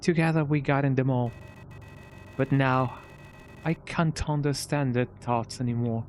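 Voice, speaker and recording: A man's voice: fairly even intonation, unhurried, a little mellow, a little hiss or hum, lightly acted. A man reading aloud as a lonely android cut off from its kind, in a put-on British accent and a raised, theatrical voice. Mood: forlorn. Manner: reads lines in a mock-dramatic, higher voice. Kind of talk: live reading of game dialogue.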